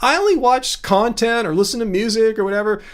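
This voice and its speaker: Male livestream host, higher-pitched voice, sarcastic ranting, chatty with viewers. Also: brisk. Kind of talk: casual livestream chat reading viewer comments.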